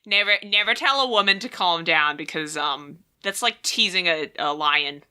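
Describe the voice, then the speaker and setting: Bright, sarcastic young woman. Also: lowish voice, clear, resonant tone. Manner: animated and sarcastic, with quick comic asides. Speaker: podcast co-host. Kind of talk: casual chat.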